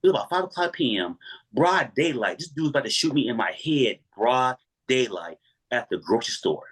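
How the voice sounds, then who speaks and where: A man's voice: mid-range voice, fairly quick, husky. A man telling a dramatic personal story as an interview guest, acting out each voice in it. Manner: animated, acts out every voice in his story.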